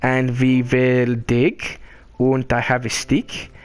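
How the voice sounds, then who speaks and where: A man voicing a cheerful, simple-minded male gnome in a mock German accent, talking slowly and repetitively. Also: medium pitch, monotone, clean tone, natural voice. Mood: goofy. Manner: slow, plodding and repetitive. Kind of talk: live-stream character voice.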